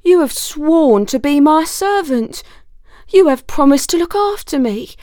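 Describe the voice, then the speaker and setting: A woman voicing a desperate male wolf trapped in a pit, begging in a high, strained voice. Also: lively intonation, a little slow, no room sound, clean studio sound. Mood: pleading.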